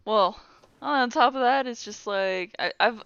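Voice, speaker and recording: A young woman co-hosting a casual gaming chat, animated and swearing freely. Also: on the high side, unhurried, smooth, no echo. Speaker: co-host. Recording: dull lo-fi mic.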